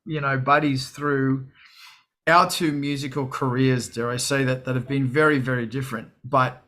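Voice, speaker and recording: Bright voiced aussie guy rambling on his stream, swears a lot, does little voices for quotes. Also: mid-range voice, moderate pace. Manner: animated, swearing, quoting others in put-on voices. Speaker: livestream host. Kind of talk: casual chat to a live audience.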